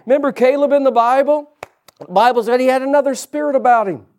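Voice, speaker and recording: A man preaches a lively sermon in a church, pitched high for a man. He keeps calling out to his congregation as he drives his points home. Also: quick pace. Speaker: pastor.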